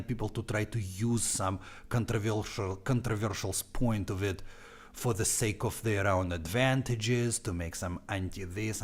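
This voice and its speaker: A young man with a Russian accent, chatting informally on his live stream and dropping in Russian words. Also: lowish voice. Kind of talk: casual live stream chat.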